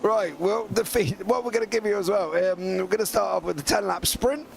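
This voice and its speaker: A man's voice: high voice, fairly quick, creaky, slight background noise. A man commentating a sim racing league broadcast, chatty and upbeat, greeting viewers from the chat. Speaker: lead commentator.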